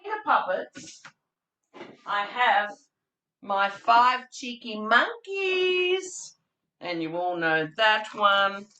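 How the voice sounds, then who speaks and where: A woman presenting a childcare training webinar in an animated, theatrical, chatty way. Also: medium pitch, very slow, long pauses.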